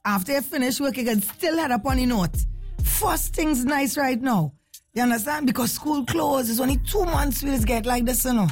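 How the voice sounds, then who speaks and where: Lively, high-voiced woman hosting a morning radio show, casual chat over faint music. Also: normal speed. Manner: lively, chatty, laughs often.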